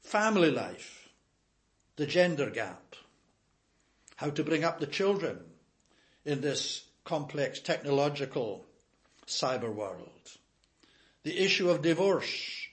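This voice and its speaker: A man's voice: fairly high pitch, very animated, takes it slowly, long pauses, a bit bright. An older man preaching a sermon in an earnest, emphatic way, repeating key phrases.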